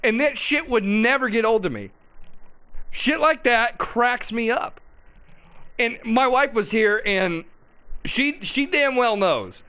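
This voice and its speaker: A man's voice: high voice, takes it slowly. A man hosting a show, chatting casually with amusement and telling stories between clips. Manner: amused, laughing, animated storytelling. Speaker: show host reacting to a clip. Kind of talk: casual commentary.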